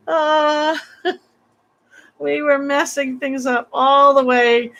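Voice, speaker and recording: A woman's voice: high-pitched, fairly even intonation, extremely slow, pauses often. A woman hosting a psychic livestream, talking casually and emotionally to her viewers, gushing and close to tears. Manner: warm, gushing, emotional and tearful. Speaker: psychic reader, livestream host.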